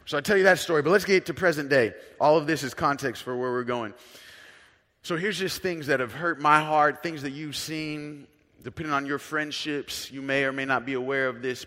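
A male pastor preaching a sermon as a story, conversational and earnest, swinging between soft, hushed lines and loud emphatic ones. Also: mid-range voice, big-room sound.

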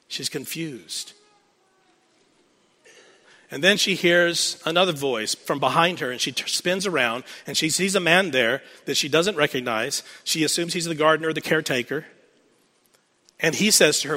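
A man's voice: fairly high pitch, moderate pace, sharp tone. A man preaching a sermon, retelling a scripture scene as a story and repeating key phrases for emphasis. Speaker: pastor. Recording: long reverb of a large hall.

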